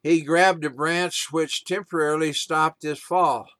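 Male preacher with a slightly high voice, earnest sermon delivery, close dry sound. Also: measured pace, dry recording. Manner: earnest, steady storytelling.

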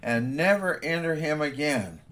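A man voicing Jesus as a calm, commanding male teacher in a sermon reading. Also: fairly high pitch, a little slow.

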